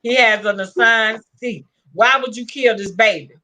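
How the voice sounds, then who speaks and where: A woman's voice: fairly high pitch, normal speed, sharp tone. Emphatic Southern woman chatting. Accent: Southern American. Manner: emphatic, repeats her points. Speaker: vlog guest. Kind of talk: casual chat.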